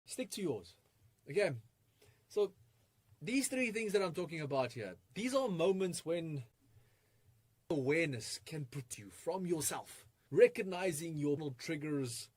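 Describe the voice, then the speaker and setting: An energetic man leads a live online webinar, firing off rhetorical questions and chuckling often. His voice sits a bit high for a man. The sound is close and dry, with no room around it. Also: moderate pace, dry recording. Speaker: trading webinar presenter. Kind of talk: live online masterclass talk.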